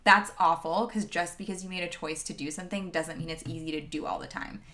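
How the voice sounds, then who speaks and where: Earnest woman, slightly low voice. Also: fairly even intonation, fast, sharp tone. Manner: earnest, reflective, many "like" and "um" fillers. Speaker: guest, former teacher. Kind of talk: conversational interview answer.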